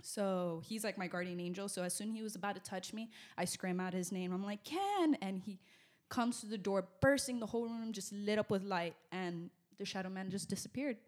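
A woman's voice: medium pitch, fairly quick, few pauses. Young woman telling a spooky story. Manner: animated, rambling with fillers. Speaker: guest. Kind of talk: casual storytelling. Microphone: podcast mic close to mouth.

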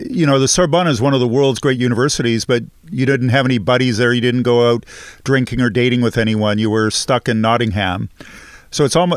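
A man's voice: medium pitch, dry recording, clean studio sound. A man hosting an interview podcast, asking questions in a friendly, joking way.

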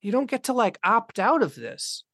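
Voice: mid-range voice, big pitch swings, normal speed, fairly bright tone, breathy edge, no echo, studio quality. A speaker in a casual conversation, talking bluntly and philosophically, swearing often and acting out imagined voices.

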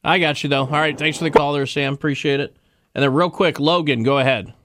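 A man's voice: a little high, steady tone, fairly quick, fairly bright tone. A man hosting a radio call-in show, with wry, offhand casual banter. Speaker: radio talk show host.

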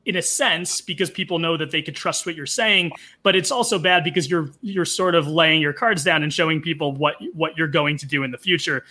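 A man's voice: a little high, brisk, bright, forceful tone. A man in a casual discussion, thinking aloud as he breaks down a point.

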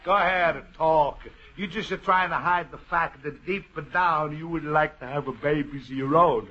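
An actor playing a boastful middle-aged Italian immigrant friend in a 1940s radio comedy, speaking broken English with an Italian accent. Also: male voice, fairly high pitch, moderate pace, breathy edge. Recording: lo-fi old radio broadcast with loud audience and hiss.

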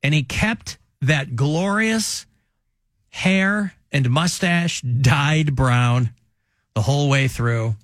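A man's voice: on the high side, very slow, fairly bright tone, dry recording, studio quality. A man hosting a radio talk show, telling stories in a chatty way with laughs. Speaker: radio host.

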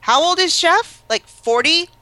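A woman chatting casually as a podcast co-host, animated and gossipy, acting out the people she quotes. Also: extremely high pitch, measured pace, no echo. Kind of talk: casual chat.

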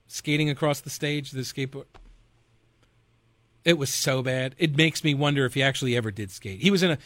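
A man's voice: mid-range voice, no echo. A man hosting a talk radio show, rambling loosely and sarcastically with fillers and chuckles. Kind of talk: casual political talk radio with host-read ad.

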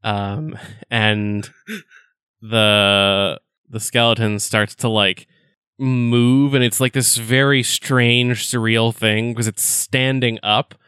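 Low smooth-voiced male game master. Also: flat delivery, pushed and bright, dry recording. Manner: descriptive, halting with many fillers. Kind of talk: narrating a tabletop game.

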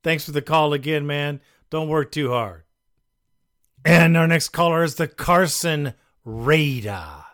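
A man's voice: on the high side, unhurried, a bit bright. A man hosting a sports radio call-in show, talking casually and calling listeners brother. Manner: casual, chummy, addresses callers as brother. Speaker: radio host.

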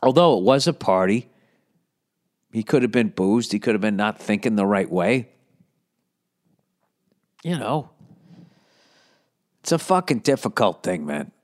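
A man's voice: on the low side, big pitch swings, a little slow, long pauses. A man hosting a casual advice podcast, talking in a blunt, profane, rambling way. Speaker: podcast host answering listener questions.

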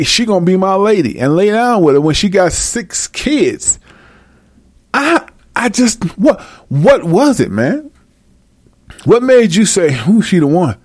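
Guy ranting on his vlog, cussing, slangy, laughs a lot, lively voice, dry sound. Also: sits high, no room sound. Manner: animated, profane, slangy, laughs often. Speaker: commentator. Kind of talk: comedic rant to camera.

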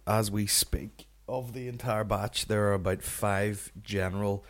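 A man's voice: lowish voice, fairly even intonation, measured pace. Sweary Northern Irish man podcasting. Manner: sweary, rambling and jokey. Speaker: podcast host. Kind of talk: casual comedic banter.

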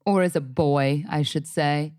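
Woman, podcast co-host, lowish pitch, dry sound, casual animated chat. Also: no echo. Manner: animated storyteller, quick asides, self-mocking.

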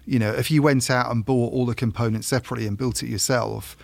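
A tech journalist co-hosting a podcast chats casually in a medium-pitched, steady, creaky voice, recorded without echo. As he explains things he halts, repeats words, and restarts often.

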